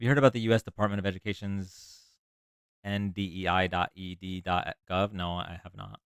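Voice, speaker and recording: A man's voice: low voice, little pitch movement, fairly quick, smooth, no room sound, studio quality. A man hosting a casual livestream, chatting and explaining a word game to his chat with frequent restarts. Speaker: livestream host.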